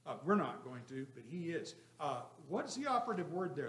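Man, Bible class teacher, slightly high voice, emphatic and questioning, echoey room. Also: very animated, brisk. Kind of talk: interactive Bible study lesson.

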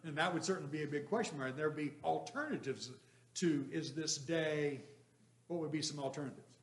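A man with a slightly high voice leads a Bible class, firing questions at the room and punching his points with emphasis. His voice rings in an echoey room. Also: moderate pace. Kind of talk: interactive Bible study lesson.

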